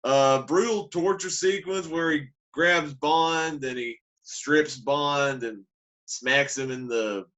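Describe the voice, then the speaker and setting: A man co-hosting a podcast, talking about movies in a relaxed, measured way with a few hesitations. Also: on the high side. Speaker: podcast co-host. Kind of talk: casual movie review chat.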